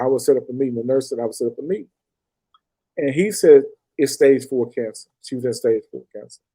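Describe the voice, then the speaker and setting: Warm in tone and mid-range in pitch, a middle-aged ex-detective from Arkansas tells his personal story earnestly on a podcast, where he's a guest. He leans on repeated phrases for emphasis, and the recording quality is rough.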